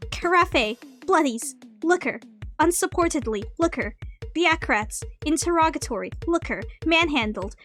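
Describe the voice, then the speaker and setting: Young woman streamer, high voice, slow deliberate word-by-word reading, faint music underneath. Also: animated, fairly bright tone. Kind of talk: reading words aloud in a memory game.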